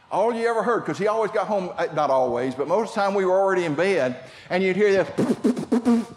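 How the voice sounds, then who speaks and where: An older man preaching a sermon, telling family stories and shifting from shouts to quiet asides. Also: high voice, slight background noise. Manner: storytelling preacher, swings from shouting to hushed. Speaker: pastor.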